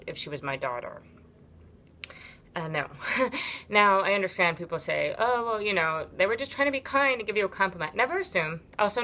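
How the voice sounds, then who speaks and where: A woman with a low-pitched voice speaks straight to camera in a casual, unscripted vlog. She teaches yoga and talks frankly, rambling along with plenty of ums and a casual swear here and there. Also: a bit bright. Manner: candid, rambling, with frequent ums and profanity.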